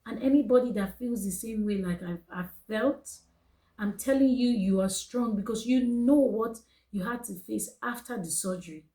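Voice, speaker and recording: Earnest Nigerian woman, mellow voice. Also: fairly high pitch, moderate pace, rough recording. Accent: Nigerian English. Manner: earnest, emotional, repeats phrases for emphasis. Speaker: vlogger. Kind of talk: personal storytelling to camera.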